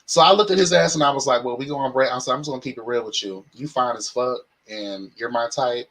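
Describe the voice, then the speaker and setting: A young man hosts a casual talk show, spinning a story with flamboyant, sassy flair. His voice is bright and forceful, and it stays in a middle pitch. He keeps the delivery loose, animated and chatty. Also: fast, low-quality recording. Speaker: podcast host.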